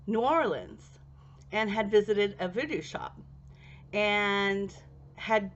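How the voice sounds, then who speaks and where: A young woman telling a personal anecdote in an animated way, laughing and jumping into high squeals when she acts out her past self. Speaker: storyteller. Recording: slightly dull lo-fi recording.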